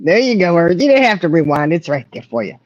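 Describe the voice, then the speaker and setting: A woman hosts a relaxed livestream chat, teasing and laughing as she goes. Her pitch swings widely and stays lively. The sound is dry and a bit dull, like a modest home mic. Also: fast, dry recording. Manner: playful teasing, laughing often. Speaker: livestream host. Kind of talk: casual chat reading viewer comments.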